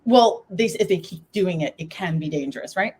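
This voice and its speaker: A woman's voice: fairly low pitch, lively intonation, a little fast, darkish tone, husky. A middle-aged woman, a guest on a live talk show, telling her personal story while trying to hold back tears.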